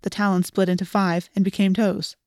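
A woman's voice: mid-range voice, flat delivery, brisk, dry recording. Woman narrating an audiobook, dry.

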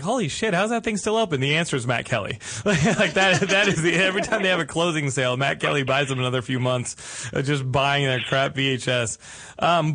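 A man's voice: on the high side, creaky, fairly bright tone. A man hosting a casual podcast chat, rambling with stammering restarts and frequent chuckles. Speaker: podcast host.

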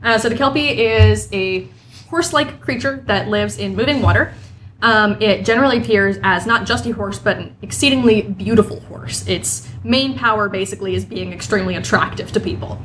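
A woman's voice: mid-range voice, fairly quick, fairly bright tone, slight background noise. A woman hosting a casual podcast. She chats and explains at length and laughs often. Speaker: podcast host. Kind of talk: casual comedic chat.

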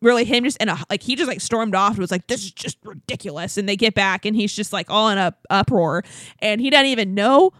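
A young woman hosting a podcast in casual chat, animated and laughing often. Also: medium pitch, quick pace, no echo, clean studio sound. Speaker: podcast host.

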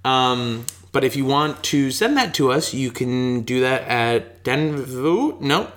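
A man's voice: mid-range voice, slow, hardly any pauses, a bit bright. A man co-hosting a casual podcast chat, teasing his co-host in a playful way and laughing easily.

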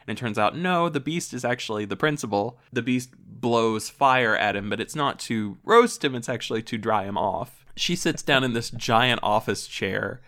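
A podcast co-host recapping a story in a loose, rambling way. His voice is bright and forceful. He reads passages aloud between bits of casual chat. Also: mid-range voice, normal speed, hardly any pauses.

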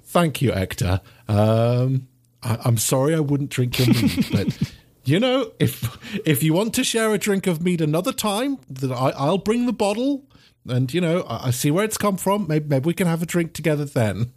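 A man playing a tabletop game, talking in halting, stammering bursts. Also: on the high side, big pitch swings, darkish tone. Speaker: player.

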